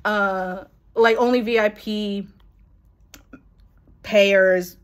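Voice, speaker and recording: Young woman vlogger, excited and rambling, casual storytelling with fillers. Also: mid-range voice, very slow. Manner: gushing, laughs and swears, rambling with fillers.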